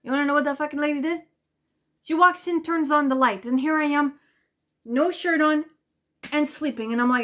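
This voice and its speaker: A woman vlogging to camera, telling a story in a rambling, profane way, full of "like" fillers and animated indignation. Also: sits high, normal speed. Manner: animated and indignant while retelling.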